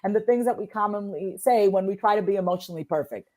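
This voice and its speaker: A woman's voice: medium pitch, fast talker, few pauses, darkish tone. A woman from the United States talking as a podcast guest, coaching listeners in an emphatic, repetitive way. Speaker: guest, self-expression coach. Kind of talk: conversational podcast talk.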